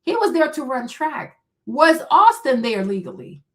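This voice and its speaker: A high-pitched woman hosts a live stream, responding to chat comments in a combative, mocking tone full of profanity and scorn. She poses rhetorical questions and answers them herself, staying very animated but unhurried.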